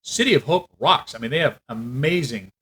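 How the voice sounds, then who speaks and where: A man telling a story in a casual rant, animated and acting out what other people said. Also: mid-range voice, normal speed, husky, low-quality recording. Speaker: vlogger.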